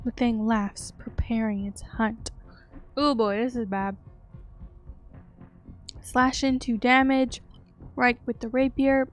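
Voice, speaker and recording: A woman's voice: fairly high pitch, steady tone. A young woman playing a horror game, reading its text aloud and reacting with yelps and laughter. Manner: reads game text slowly, then yelps and giggles in reaction. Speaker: let's-play streamer.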